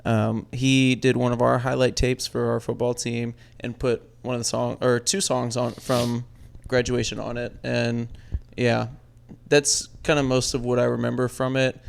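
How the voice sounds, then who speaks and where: Gravelly laid-back male co-host. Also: mid-range voice, flat delivery, moderate pace. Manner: laid-back, short reactions. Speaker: podcast co-host. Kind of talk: casual chat.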